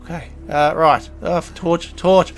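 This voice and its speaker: A man talks his way through a survival game in a fairly high-pitched voice. He chats casually, chuckles often, and gets flustered when danger hits. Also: steady tone, takes it slowly, faint music behind. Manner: chatty, chuckling, flustered under pressure. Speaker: gaming channel host. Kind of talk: let's play commentary.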